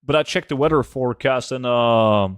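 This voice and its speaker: A man's voice: mid-range voice, normal speed, smooth, no room sound. A man, a game streamer chatting casually and reading his chat aloud in a laid-back way full of fillers. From Norway.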